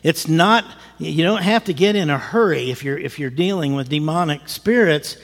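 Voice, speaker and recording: A male pastor telling a story in a sermon, lively and animated, acting out what people said and chuckling as he goes. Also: on the high side, normal speed, in a large hall. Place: church.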